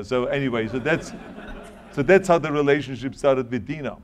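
A man with a German accent telling stories in an interview, talking quickly and often restarting his sentences. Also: medium pitch. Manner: tumbling words, frequent restarts. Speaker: interview guest. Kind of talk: anecdotal interview answers.

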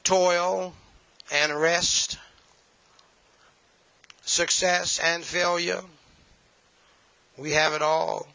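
A man's voice: on the high side, little pitch movement, drawn-out words, vocal fry, pauses often, sharp tone, no room sound, lo-fi sound. A man preaching a sermon, emphatic and repetitive, with folksy asides.

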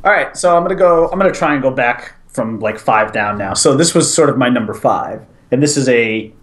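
A man's voice: medium pitch, expressive, brisk, fairly bright tone. A man co-hosting a casual movie chat, rambling enthusiastically and often laughing. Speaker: co-host.

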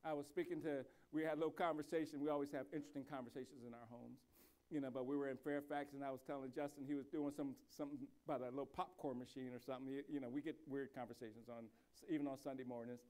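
A man, a pastor, preaching a sermon, moving between quiet reflective speech and loud, slow, emphatic delivery, with frequent restarts and repeated words. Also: mid-range voice, flat delivery.

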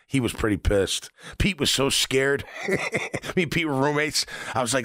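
Dry-sounding former-player radio host. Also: male voice, mid-range voice, normal speed, no echo. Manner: storytelling, laughs often, animated. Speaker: sports radio host, former NFL linebacker. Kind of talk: casual sports talk.

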